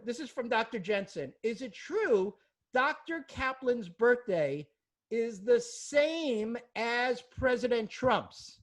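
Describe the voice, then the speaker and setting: A woman hosting a live webinar Q&A as a practice coach, upbeat and salesy, talking over a video call. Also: a little high.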